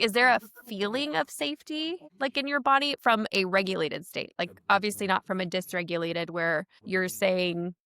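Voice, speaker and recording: A woman's voice: medium pitch, fairly bright tone, smooth. A woman hosting a podcast, asking reflective questions in a searching, casual way. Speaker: podcast host. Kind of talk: conversational podcast interview.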